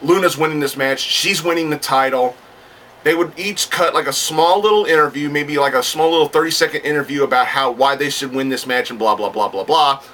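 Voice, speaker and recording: A man's voice: on the high side, brisk, bright, forceful tone, far from the mic, a little hiss or hum. A man rambling in a casual talking-to-camera monologue, often restarting his sentences and getting worked up, with some swearing. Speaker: wrestling fan vlogger.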